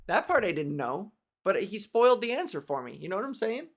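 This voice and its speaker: A woman's voice: mid-range voice, big pitch swings, a little fast. A woman comedian riffing alone on her podcast in a rambling, sarcastic, profane way, laughing between tangents, recorded in her bedroom. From Canada. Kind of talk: solo comedic monologue.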